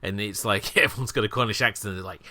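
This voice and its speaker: A man's voice: lowish voice, fast, bright, forceful tone, no echo, clean studio sound. A man co-hosting a film podcast, explaining things in a laid-back, chatty way. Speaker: podcast co-host. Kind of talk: casual chat.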